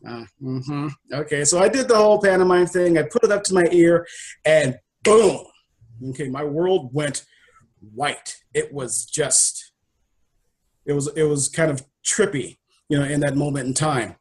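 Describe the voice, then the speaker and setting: Man guest, higher voice, expressive, emotional storyteller who acts out scenes. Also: moderate pace. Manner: animated and emotional, acts out his own dialogue. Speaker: life coach and interview guest. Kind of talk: personal storytelling in a conversation.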